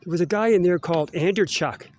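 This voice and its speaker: A man's voice: high voice, quick pace, darkish tone. Rambling middle-aged Canadian man outdoors. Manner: chatty, meandering, ends phrases with "eh?". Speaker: vlogger. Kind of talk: casual rambling walk-and-talk. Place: outdoors walking around school grounds.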